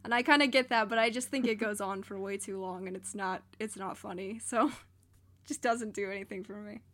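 A woman's voice: mid-range voice, fairly quick, a bit bright. A woman co-hosting a podcast in casual chat, rambling a little with fillers and restarts. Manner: rambling, hesitant, many fillers. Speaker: podcast co-host.

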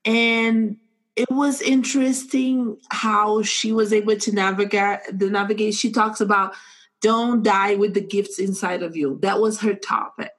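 A woman speaking English with a non-native accent, telling stories with animated energy on a casual podcast. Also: mid-range voice, unhurried, rough recording. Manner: animated storytelling, warm and earnest. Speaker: podcast co-host. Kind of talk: casual chat.

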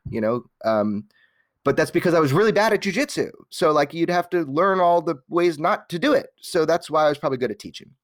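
In a slightly high voice, a man from Los Angeles candidly and animatedly relates his life story as an interview guest, restarting a lot and swearing casually. It's studio-quality audio with no room sound.

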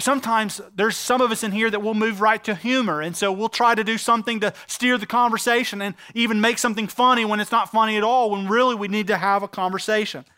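Bright, clear-voiced male preacher. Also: sits high. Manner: earnest preaching with emphatic slowed phrases. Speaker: pastor. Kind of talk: sermon.

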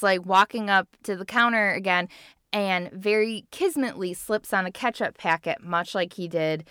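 A woman's voice: mid-range voice, moderate pace, a bit bright, clean tone. A woman in her thirties co-hosting a casual podcast, retelling a cartoon episode and acting out the characters' lines. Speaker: podcast co-host.

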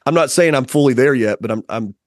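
A man's voice: medium pitch, fast, no echo, clean studio sound. A man in casual conversation, a podcast guest who tells stories animatedly with lots of fillers. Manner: animated storyteller, many fillers.

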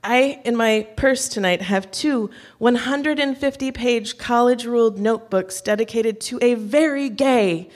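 A woman's voice: on the high side, a little slow, few pauses. Woman storyteller, live on stage; wry, self-mocking, light laughs. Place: on stage before an audience.

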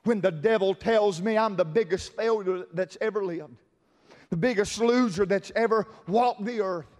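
High-voiced preacher in a reverberant hall. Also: male voice, moderate pace. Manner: impassioned, swings from soft murmurs to shouting; sing-song preaching cadence. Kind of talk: sermon.

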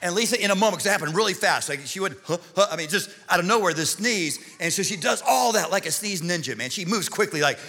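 A male pastor telling a funny story in a sermon, animated and comic, sometimes shouting the punchlines. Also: high-pitched, quick pace, creaky, hardly any pauses. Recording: long reverb of a large hall.

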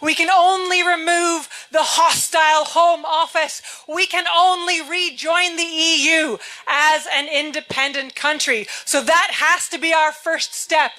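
High, bright woman rallying a crowd. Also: fairly even intonation, a little slow, hardly any pauses. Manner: rousing, repeating slogans. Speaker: politician. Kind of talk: rousing rally speech. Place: outdoor rally.

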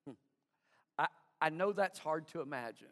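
A man preaching a sermon, telling a story with chuckles and halting restarts. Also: a little high, expressive, big-room sound. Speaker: pastor.

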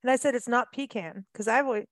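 A woman's voice: on the high side, fairly even intonation, quick pace, no echo. Chatty woman co-host, dry sound. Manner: chatty, rambling, laughs easily. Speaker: radio show co-host. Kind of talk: casual radio chat.

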